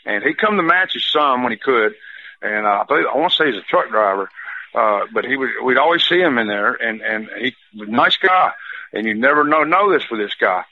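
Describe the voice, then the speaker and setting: This is a man with a drawl telling old stories in a rambling way, full of "uh"s and false starts. He speaks in a middle pitch over a thin, tinny phone line. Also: animated, fairly quick. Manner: rambling, many fillers and restarts. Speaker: former wrestler, guest. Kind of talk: storytelling in casual chat.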